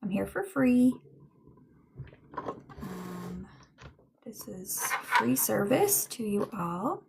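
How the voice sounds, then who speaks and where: A woman doing a casual livestream tarot reading, chatting to viewers and dropping into soft muttered asides. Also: mid-range voice, big pitch swings, very slow, vocal fry, very noisy. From Newfoundland, Canada. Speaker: tarot reader and medium.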